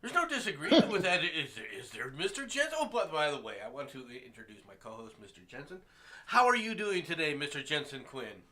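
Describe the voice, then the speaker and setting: A man hosting a political talk show, mocking and sarcastic, stammering and breaking into shouts. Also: fairly high pitch, huge pitch swings, fast talker. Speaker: podcast host.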